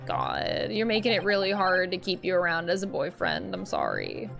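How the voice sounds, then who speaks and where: A woman's voice: lowish voice, huge pitch swings, normal speed, creaky, a bit bright, soft background music. A woman streaming a game, who reads its lines aloud and cheers and swears at the action. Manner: reads the on-screen dialogue aloud. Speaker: gaming streamer. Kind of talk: let's play commentary.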